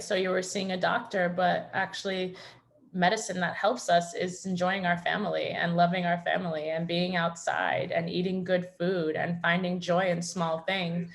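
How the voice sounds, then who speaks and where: A woman hosting a members' video call, talking gently and reassuringly in a reflective coaching style. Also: fairly low pitch, gravelly.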